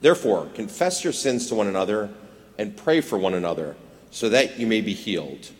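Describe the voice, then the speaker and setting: A man reading a scripture passage aloud in church, measured and formal. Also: fairly low pitch, lively intonation. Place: church sanctuary. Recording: long church reverb.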